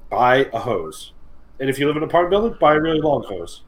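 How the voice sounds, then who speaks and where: A man co-hosting a podcast in loose, comedic chat, his voice sitting a little high. He rambles, swears freely and builds on absurd ideas. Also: expressive, rapid-fire, rough recording. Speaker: podcast co-host.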